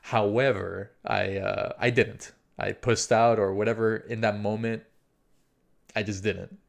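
Gravelly young man telling a story. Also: lowish voice, fairly even intonation, measured pace. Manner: swears constantly, acts out his own inner voice; rambling, with restarts and "like" fillers. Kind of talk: casual storytelling.

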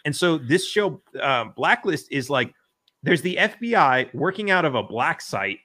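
A man from the United States runs a laid-back political podcast where he rambles, swears, and keeps restarting and filling pauses. He speaks a little slowly in a fairly high, sing-song voice that sounds pushed and bright.

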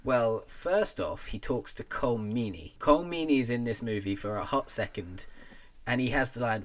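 Male podcast co-host, mid-pitched, playful, quick with gags and impressions. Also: animated. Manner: jokey, acts out lines, laughs often. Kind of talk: casual movie-review banter.

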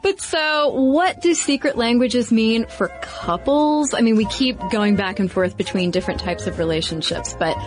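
A woman co-hosting a podcast, explaining research in a chatty, lively way. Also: a little high, normal speed, hardly any pauses, faint music behind. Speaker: podcast co-host. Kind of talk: casual podcast chat.

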